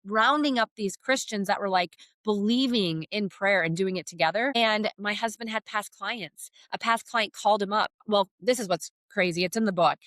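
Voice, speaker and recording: A woman's voice: medium pitch, moderate pace, hardly any pauses, a bit bright, no echo. A middle-aged woman giving a heartfelt faith testimony as a podcast guest, telling her story earnestly.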